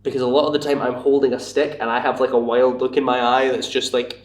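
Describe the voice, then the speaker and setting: A man's voice: medium pitch, little pitch movement, fast talker, distant mic. Rambling young Scottish man, echoey room. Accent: Scottish, Glasgow area. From Scotland. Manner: rambling, lots of "like", self-mocking. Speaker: podcast guest, bar worker. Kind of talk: casual chat.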